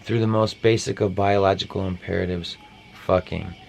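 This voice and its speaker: A man's voice: fairly low pitch, moderate pace, creaky, a little hiss or hum. A man hosting a parody podcast, rambling through a satirical monologue with offhand, mock-conspiratorial asides.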